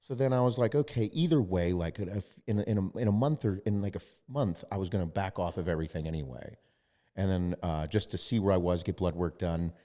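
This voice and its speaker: A man's voice: low-pitched, fast talker, mellow, big-room sound. A man hosting a podcast, telling a story in casual chat and quoting others, with lots of swearing. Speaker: podcast host.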